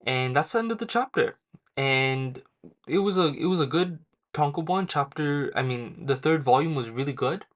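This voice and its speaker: A man's voice: a little high, lively intonation, normal speed. A young man casually recapping a manga chapter in a rambling, slangy way with lots of fillers. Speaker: manga reviewer.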